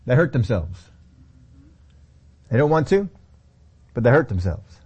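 A man's voice: medium pitch, a little mellow, breathy edge. A man teaching a Bible study sermon in a conversational way, often repeating key phrases.

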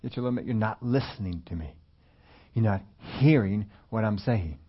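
A man preaching a conversational sermon, at times rising loud and emphatic. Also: on the low side, normal speed, lo-fi sound. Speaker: pastor.

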